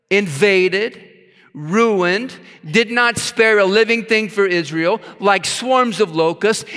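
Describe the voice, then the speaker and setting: A man's voice: high voice, bright, forceful tone, smooth. A man preaching a sermon, reading scripture aloud and stopping to stress words with his own asides. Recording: long hall reverb.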